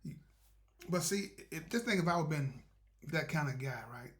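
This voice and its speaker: Gravelly man telling a rambling story. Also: on the high side, lively intonation, normal speed, a bit bright. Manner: rambling, repeats "like I said", folksy; spiritual encouragement. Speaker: host of a motivational show. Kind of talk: casual storytelling monologue.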